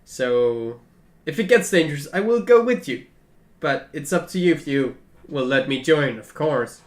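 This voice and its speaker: A man playing an earnest camp leader and one-time scout in a tabletop role-play game, rambling through his offer with many fillers, a bit high for a man. The room around him is echoey. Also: animated, normal speed, natural voice. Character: male encampment leader, former scout.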